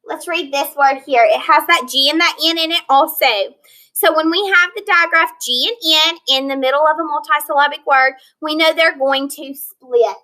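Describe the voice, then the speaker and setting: A woman teacher giving a recorded phonics lesson, slowly sounding out words and prompting her students. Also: high voice, sharp tone, poor audio. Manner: slow, clear modeling of word sounds with praise and prompts.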